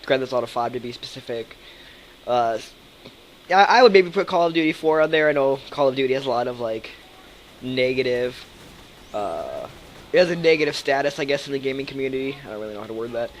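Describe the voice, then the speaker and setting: Young man, let's play commentator, loose and profane, middle pitch, desk mic with faint hiss. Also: lively intonation, a little fast, rough recording. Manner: rambling, profane, thinks aloud with many fillers. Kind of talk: live gameplay commentary.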